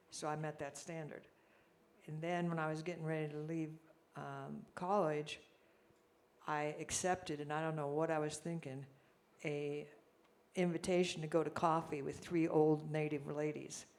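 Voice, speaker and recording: A woman judge speaks on a conference panel and recounts her path with dry, self-deprecating humor. Her intonation stays very even and flat. She takes her time over each phrase. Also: low-pitched, normal speed. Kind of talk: personal storytelling at a conference plenary.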